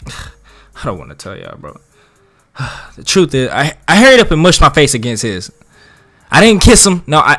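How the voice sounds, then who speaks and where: Profane, swaggering storytime guy. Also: mid-range voice. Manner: profane, slangy, dramatic storyteller with big swings in loudness. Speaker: vlogger telling a story. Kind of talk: casual storytime.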